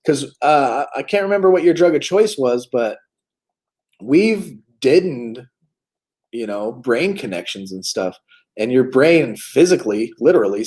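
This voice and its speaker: A man's voice: mid-range voice, darkish tone. Candid man in his forties, casual. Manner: candid, joking, plain-spoken. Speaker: recovery livestream host. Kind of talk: casual live chat.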